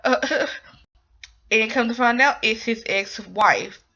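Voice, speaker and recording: A woman's voice: fairly high pitch, takes it slowly, sharp tone. A young woman casually recapping a drama episode, rambling with lots of ums and likes. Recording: dull lo-fi recording.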